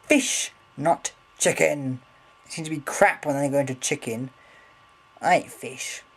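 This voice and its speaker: Guy vlogging, swears a lot, kinda husky. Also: a little high, measured pace, rough recording. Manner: chatty, swears freely, rambling. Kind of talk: casual rambling vlog. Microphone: handheld camera.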